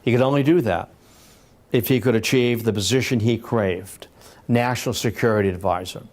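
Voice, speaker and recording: A man's voice: mid-range voice, normal speed, a little mellow. A man giving a public history lecture in a library, telling it conversationally with frequent restarts and repeated words. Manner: conversational storytelling with many restarts.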